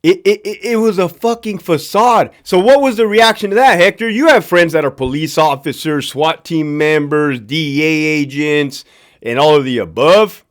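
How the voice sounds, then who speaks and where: A man's voice: fairly high pitch, moderate pace. A middle-aged man from Southern California, a former prison guard hosting his own show, ranting casually, profane and sarcastic and repeating himself for emphasis. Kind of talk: casual ranting monologue to camera.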